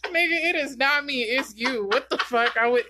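A woman's voice: high-pitched, normal speed, background noise. A woman co-hosting a podcast in casual chat, blunt and incredulous, often laughing.

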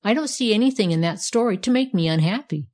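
A woman's voice: medium pitch, animated, fast, darkish tone, close to an everyday voice. A woman reading aloud, voicing a curious, eager young boy who asks breathless questions.

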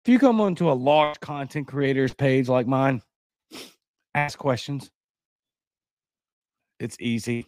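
A man's voice: takes it slowly, long pauses, darkish tone, no room sound. Male show host, heated sarcastic rant, blunt insults, dry close sound. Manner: heated and sarcastic, pitch jumping high when outraged. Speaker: host of a political commentary show. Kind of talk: ranting commentary.

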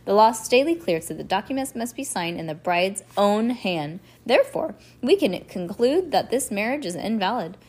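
A woman voicing a gentle, tearful woman judge in a read-aloud storybook, speaking carefully and hesitantly. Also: mid-range voice, very animated, moderate pace, few pauses, slightly rough.

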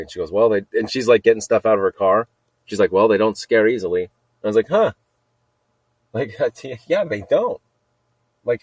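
A man's voice: fairly low pitch, animated, moderate pace, pauses often, darkish tone, dry recording. A middle-aged man telling a story in a rambling casual monologue, repeating himself and laughing at his own jokes. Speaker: podcast host telling a story.

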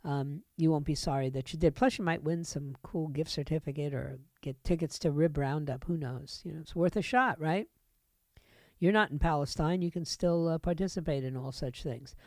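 A woman's voice: sits low, normal speed, darkish tone, no echo. A woman hosting a talk radio show, delivering a sarcastic, indignant monologue from a studio microphone.

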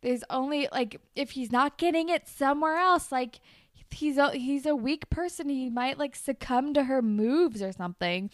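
A young woman co-hosting a casual recap chat, breaking into quick quoted bits of the characters' lines. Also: sits high, no room sound, clean studio sound. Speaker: podcast co-host.

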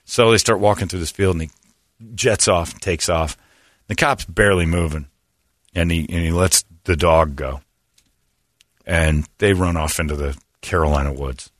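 A man's voice: deep voice, normal speed, dry recording, clean studio sound. A middle-aged man hosting a show, chatting casually and acting out the people in his stories. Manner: animated storyteller who acts out the people in his stories. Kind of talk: casual studio banter.

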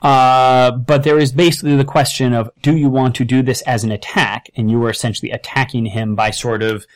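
A man's voice: medium pitch, steady tone, brisk. A man running a tabletop game as game master, explaining rulings and weighing options aloud.

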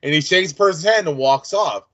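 A man's voice: fairly high pitch, fairly quick. Jokey male podcast co-host, muffled audio. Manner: jokey, playfully mangling names. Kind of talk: casual chat.

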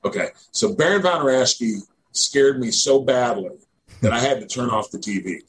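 In a mid-range voice with lively intonation and a moderate pace, this Northeast Missouri native, a middle-aged former pro wrestler, rambles through stories as an interview guest, leaning heavily on "you know" and "man". The low-quality recording has slight background noise.

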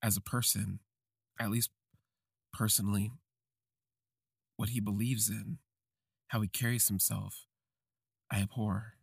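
A young adult man hosting a podcast, telling a confessional first-person story in slow, halting, reflective phrases. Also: on the low side, level tone, creaky, slightly rough, no echo, clean studio sound. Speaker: podcast host.

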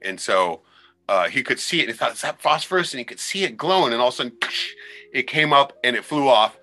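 A man, a former crab fisherman, telling wild sea stories in a loose, profane, animated way on a podcast. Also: medium pitch, fast. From Alaska. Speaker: podcast guest. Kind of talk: casual storytelling.

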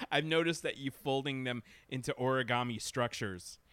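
A man's voice: mid-range voice, normal speed, a bit bright, clear, resonant tone, no echo. A man co-hosting a podcast, bantering casually, joking, rambling and laughing often. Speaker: podcast co-host.

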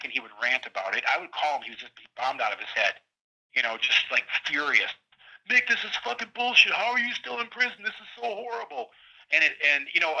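The recording is low quality, and the middle-aged man's voice sits a little high, sounding pushed and bright. Calling in as a guest from prison, he rambles through a story in casual talk, voicing his friends' words with heat.

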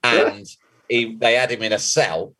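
A man's voice: mid-range voice, a little slow, sharp tone. A man co-hosting a football podcast, telling a story in a casual, laughing way and swearing freely. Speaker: podcast co-host. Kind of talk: casual chat, telling an anecdote.

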